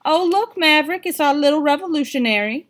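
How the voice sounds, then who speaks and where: A woman reading aloud, voicing a caring mother who scolds in a brisk, motherly way. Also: sits high, animated, voice pushed up.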